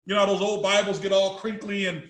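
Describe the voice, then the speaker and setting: A man's voice: high-pitched, flat delivery, quick pace, a bit bright, roomy sound. A man giving an emphatic, repetitive motivational talk to an audience as a company chief executive. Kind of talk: motivational speech.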